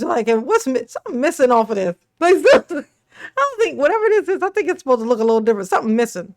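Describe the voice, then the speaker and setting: A woman with a fairly high voice gives casual reaction commentary. She mocks and needles her subjects with sarcasm, breaking into laughter often and cursing freely. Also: big pitch swings, a little fast. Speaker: commentary host.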